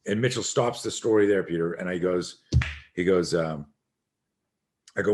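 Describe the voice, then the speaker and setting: A middle-aged man, a self-defense instructor, telling an animated story as a podcast guest and acting out the voices of the people in it. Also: deep voice, moderate pace, long pauses, slight background noise. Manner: acts out quoted voices, swearing, emphatic.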